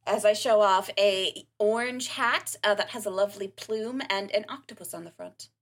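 A woman's voice: medium pitch, normal speed. A woman co-hosting a podcast, chatting playfully and reading out announcements. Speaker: podcast co-host. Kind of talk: casual chat.

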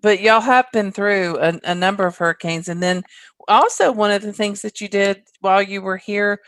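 A woman interviewing a guest, asking slow, encouraging questions. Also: medium pitch, a bit bright, dry recording. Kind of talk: interview conversation.

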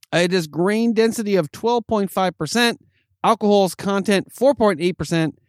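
A high-pitched man co-hosts a podcast, enthusiastically rambling and restarting in a casual chat as he samples drinks. He hiccups along the way, and the studio recording is clean with no room sound.

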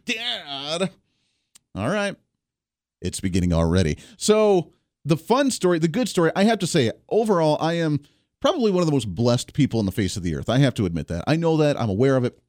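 A talk-show host from Kansas in his thirties speaks straight to his listeners, chatty and upbeat with strong opinions. His slightly high voice swings widely in pitch, moves at a quick pace, sounds a little mellow and has no echo. The energetic radio monologue was picked up by a studio microphone, dry, with faint music.

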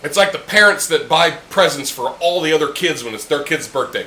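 A podcast host with a fairly high, lively voice talks briskly and sharply, swearing heavily in a blunt, heated casual chat while drinking beers with friends in a room. The recording has a roomy echo and a faint hum underneath.

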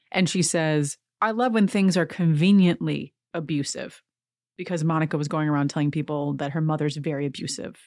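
A chatty woman hosts a casual recap podcast, talking in a slightly low voice with a giggly, playful manner. Her voice sits close and dry, with no room sound around it. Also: no room sound. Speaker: podcast host. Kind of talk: casual reality-TV recap commentary.

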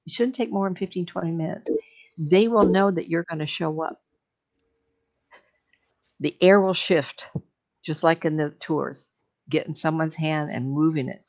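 Middle-aged woman, lower voice, animated storyteller, dull lo-fi sound. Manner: animated, laughs often, acts out voices. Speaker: psychic medium guest. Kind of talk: casual storytelling chat.

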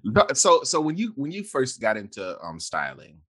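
Bright-voiced man asking questions. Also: mid-range voice, wildly swooping pitch, moderate pace. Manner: stumbling restarts, friendly questioning. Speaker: host. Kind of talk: casual interview.

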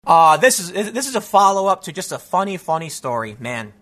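A man's voice: high voice, sing-song, brisk, a bit bright. A man giving solo political commentary as host, ranting in a frustrated, emphatic way with many restarts.

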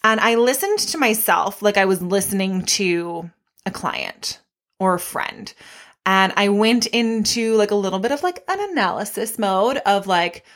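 A young woman talks into her podcast microphone in a loose, unscripted solo episode. She is chatty and candid, with animated asides and casual swearing. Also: mid-range voice, a little slow. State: pregnant. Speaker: podcast host and fitness instructor.

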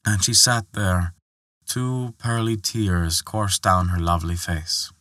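Bright, dry-voiced male storyteller. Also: slow pace, no room sound. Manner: expressive, lifts pitch for quoted characters. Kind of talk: scripted folktale narration.

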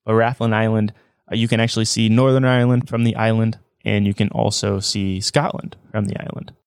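Upbeat man, lowish voice, dry close sound. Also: flat delivery, fairly quick, gravelly, clean tone, dry recording. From United States. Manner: enthusiastic, frequent restarts. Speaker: podcast co-host. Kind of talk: casual travel chat.

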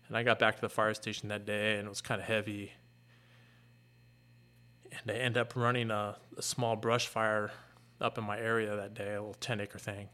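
Bright-voiced man telling a hard story. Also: on the low side, level tone. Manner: earnest, halting, emotional retelling with restarts. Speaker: fire captain and guest. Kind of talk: candid personal storytelling.

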